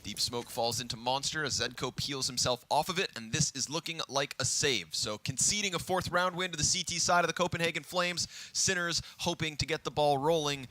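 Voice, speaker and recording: Excitable male esports play-by-play caster. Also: fairly high pitch. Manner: quick, excitable calls between relaxed chat. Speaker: esports commentator. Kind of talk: play-by-play commentary.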